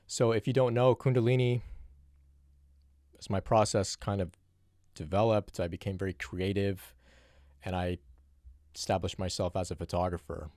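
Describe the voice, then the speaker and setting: A man with a deep, low-pitched voice answers viewer questions on his own, talking in a reflective, unhurried way. He often restarts his sentences and drops in "you know" as he thinks aloud. The recording is dry and close, with no room sound. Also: darkish tone, no echo. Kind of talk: solo Q&A monologue.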